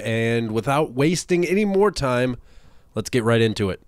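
A man's voice: mid-range voice, expressive. A man hosting his own sports podcast, breaking down a playoff game with stats and some "uh" fillers, his voice a bit nasal after a recent illness. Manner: brisk, stat-heavy analysis with frequent "uh" fillers. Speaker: podcast host. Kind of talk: solo sports preview podcast.

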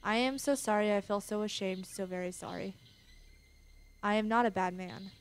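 A woman's voice: medium pitch, moderate pace, smooth, close to an everyday voice. A woman reading as a sorrowful haunted doll. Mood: remorseful. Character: haunted antique doll, remorseful childlike voice.

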